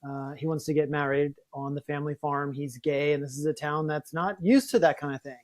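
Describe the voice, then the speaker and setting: Chatty higher-voiced man, author guest. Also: steady tone, brisk, a little mellow. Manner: chatty, many fillers and restarts. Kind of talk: casual interview talk.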